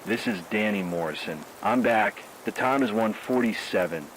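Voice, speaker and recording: A man's voice: on the low side, lively intonation, normal speed, a little hiss or hum, lightly acted, poor audio. A man playing a frightened radio DJ who talks in a grim, shaken and despairing way during a radio drama. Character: male radio host, scared and grief-stricken.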